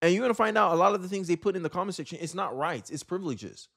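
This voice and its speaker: A man's voice: high voice, lively intonation, very fast, vocal fry, fairly bright tone. A man giving blunt, opinionated political commentary in a vlog, repeating his points and firing off rhetorical questions.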